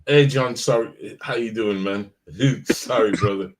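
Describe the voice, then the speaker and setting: Guy with a lowish voice hosting a live stream, animated, stumbles and repeats words. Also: a little slow. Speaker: host. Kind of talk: casual live-stream chat.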